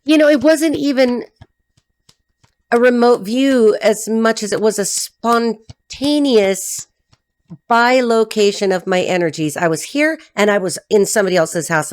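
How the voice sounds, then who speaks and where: A woman reading tarot who chats off the cuff, rambling and swearing freely, laughing often and jumping between low asides and high excited bursts. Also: measured pace. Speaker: tarot reader and life coach. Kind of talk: casual unscripted chat to camera.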